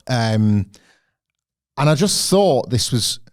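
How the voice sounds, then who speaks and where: A hoarse man co-hosting a wrestling podcast, ranting in a sardonic, sweary, casual way. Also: mid-range voice, big pitch swings, slow pace, a little mellow. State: hoarse, losing his voice. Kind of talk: casual review chat.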